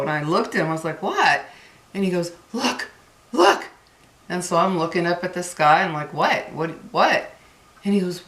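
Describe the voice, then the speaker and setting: A woman with a fairly low voice tells her viewers a personal story in an earnest, casual way, calling them "guys". Her voice rings with a noticeable room echo. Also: fairly bright tone. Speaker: vlogger. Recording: echoey room.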